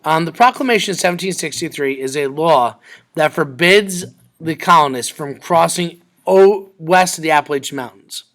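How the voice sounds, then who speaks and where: Man, history teacher, bright tone, slightly high voice, conversational. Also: moderate pace. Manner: conversational, acts out quoted exchanges. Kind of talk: classroom history lesson.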